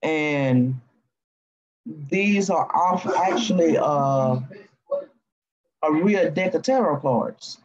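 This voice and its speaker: A woman with a Cajun accent hosting a casual live stream, rambling in a folksy way with drawn-out fillers. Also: low-pitched, darkish tone, muffled recording. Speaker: live-stream host reading cards.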